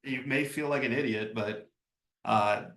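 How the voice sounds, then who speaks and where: A man's voice: mid-range voice, a little slow, fairly bright tone, reverberant. A man leading a real estate training session over a video call, talking casually and acting out sample phone messages. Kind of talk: live online training session.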